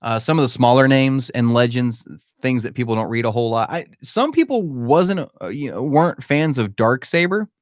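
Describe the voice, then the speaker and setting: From a room at home, a man with an animated, mid-range voice hosts a podcast Q&A on live stream at a moderate pace. He's frank and emphatic, addressing listeners as "man," in clean, echo-free, studio-quality sound.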